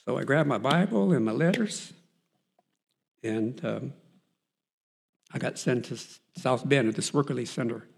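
A man's voice: mid-range voice, measured pace, vocal fry, pauses often, husky. A man earnestly telling his Christian faith testimony as a story, with frequent fillers and restarts. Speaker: person giving a Christian testimony.

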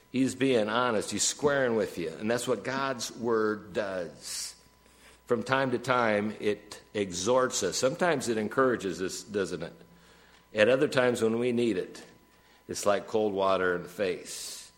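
A man preaching a sermon as pastor, reading scripture with rising emphasis and dropping to quiet, conversational asides. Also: fairly low pitch, unhurried. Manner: rises to emphatic peaks when reading scripture, drops to soft asides. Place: church sanctuary.

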